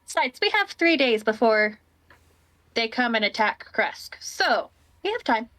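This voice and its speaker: Woman, tabletop player, slow halting speech, lively high voice. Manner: halting, repeats words. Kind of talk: tabletop role-play.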